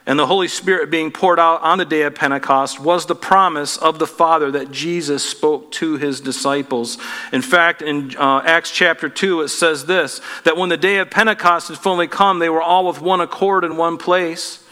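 Bright-voiced preacher in a reverberant hall. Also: male voice, on the high side, steady tone, normal speed. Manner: earnest, preacherly, with rhetorical questions. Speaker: pastor. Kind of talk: sermon.

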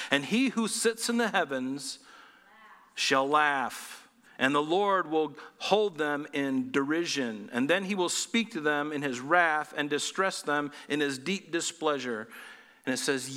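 A man preaching in a lively sermon, throwing rhetorical questions at his listeners. His voice sits a little high and rings bright and forceful. It carries a long reverb from a large hall. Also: moderate pace. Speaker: pastor.

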